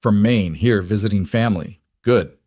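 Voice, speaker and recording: A man voicing a protective single father who speaks calmly and firmly. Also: lowish voice, normal speed, dry recording, studio quality, natural voice. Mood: steady. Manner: calm, firm.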